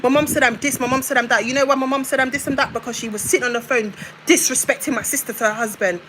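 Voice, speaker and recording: A woman's voice: high-pitched, fairly even intonation, fast, fairly bright tone, slight background noise, poor audio. A young woman on a live stream, ranting in a confrontational way and hammering her points home with repetition. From United Kingdom. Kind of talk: heated live-stream rant.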